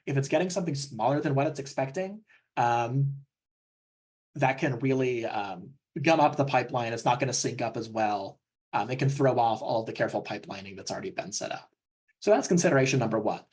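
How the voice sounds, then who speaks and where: A young man presenting a technical training session, explaining steps in a relaxed way with frequent ums. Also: mid-range voice, a little fast, slightly rough.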